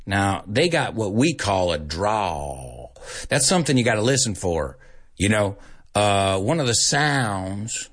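A man hosting a radio English lesson with a slightly husky voice. His pitch rises and falls a lot as he chats with listeners, and he drops in quick Spanish asides. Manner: chatty, animated, mixes in Spanish asides. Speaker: radio show host and English teacher. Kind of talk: casual on-air English lesson.

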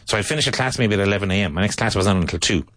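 A man's voice: lowish voice, rapid-fire, fairly bright tone. Anecdotal Irish-born male English teacher. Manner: anecdotal, imitates accents often. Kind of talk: conversational English lesson.

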